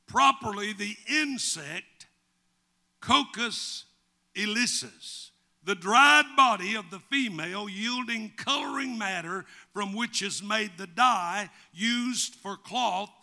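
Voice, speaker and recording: A man's voice: high voice, creaky, bright, forceful tone. A male pastor with a Southern American accent, preaching a sermon and reading scripture with a rising preacher's cadence. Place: church.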